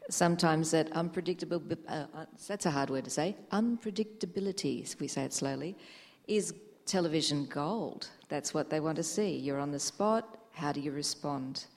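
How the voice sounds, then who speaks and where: A woman moderating a panel, putting brisk, upbeat questions to each guest. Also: low-pitched, darkish tone. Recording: echoey hall with faint audience.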